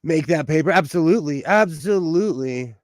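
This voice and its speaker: Southern Californian man, chatty livestream host, slightly high voice, dry close sound. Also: lively intonation, fairly quick, no echo. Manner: chatty, laughs often, talks back to chat. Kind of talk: casual livestream chat. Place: home sewing room.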